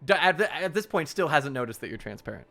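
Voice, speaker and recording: A man's voice: fairly high pitch, very animated, fast, vocal fry, bright, forceful tone, faint music behind. A man acting as game master, narrating a tabletop game in a loose, casual way with many fillers.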